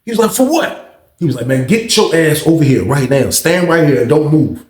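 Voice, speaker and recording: A man hosts a casual storytime, acting out every voice in the tale with animated energy. His voice sits a little higher than most men's. The room gives it a noticeable echo. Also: moderate pace. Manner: animated, acts out other people's lines. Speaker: storyteller host.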